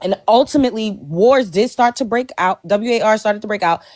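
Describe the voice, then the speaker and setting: A woman's voice: mid-range voice, brisk, darkish tone, no echo. A woman hosting a heated panel talk, blunt and profane, hammering her points home.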